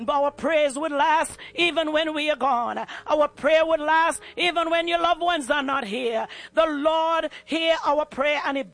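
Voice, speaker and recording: A man preaching an impassioned sermon that turns into prayer, fervent and passionate, often pausing on "uh" between phrases. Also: very high-pitched, fairly even intonation, vocal fry, fairly bright tone. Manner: passionate, fervent, with repeated "uh" fillers.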